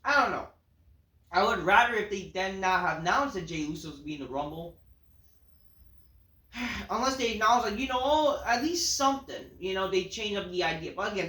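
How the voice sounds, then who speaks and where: Man, high voice, casual profane rant, dismissive, lots of filler, echoey room. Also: lively intonation, normal speed, sharp tone. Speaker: wrestling show reviewer. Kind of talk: casual ranting review.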